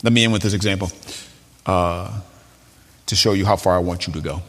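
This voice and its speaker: A man's voice: sits low, steady tone, fairly quick, a bit bright, long reverb tail. A man preaching a sermon as a pastor, telling a story with fillers and restarts.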